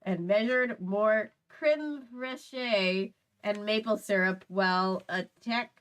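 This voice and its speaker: A woman's voice: medium pitch, takes it slowly, fairly bright tone, clear, resonant tone, poor audio. Woman reading fan fiction aloud, playful. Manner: playful, laughing, stumbles and adds asides while reading. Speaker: host.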